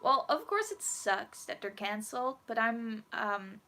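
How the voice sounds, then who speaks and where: A woman's voice: fairly high pitch, big pitch swings, measured pace, pushed and bright. A woman on a casual livestream, reading out viewer comments and answering them in a giggly, rambling, playfully dramatic way. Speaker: cosplayer streamer.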